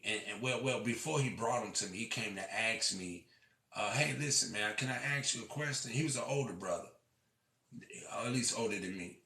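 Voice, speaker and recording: Passionate male storyteller, rough-edged and repetitive, distant in an echoing room. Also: on the low side. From Illinois. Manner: impassioned, swings from shouting to quiet; profane, repeats himself. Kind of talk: preaching monologue. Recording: echoey room, far from mic.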